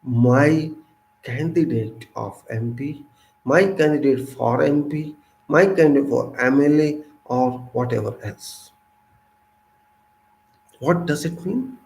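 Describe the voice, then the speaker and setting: Preachy Indian-accented man with gravelly voice. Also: fairly high pitch, a little slow, reverberant, rough recording. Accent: Indian English. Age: 50s. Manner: preachy, rhetorical questions, swings loud and soft. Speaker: civic commentator. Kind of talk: impassioned monologue.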